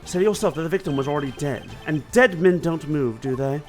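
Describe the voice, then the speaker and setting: A man reading a calm, calculating male prosecutor who questions a witness in a measured, quietly confident way. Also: soft background music, close to an everyday voice. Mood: coolly probing. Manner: measured, quietly confident, lower and softer than his own voice.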